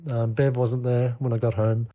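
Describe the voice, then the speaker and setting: A man telling a candid personal story as a podcast guest, halting with many fillers and restarts. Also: mid-range voice, level tone, mellow.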